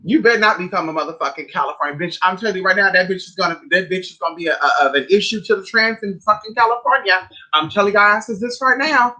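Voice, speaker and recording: A woman's voice: mid-range voice, quick pace, hardly any pauses, pushed and bright, poor audio. A woman hosting a casual livestream, ranting in a sassy, profane, rambling way while eating. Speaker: livestream host.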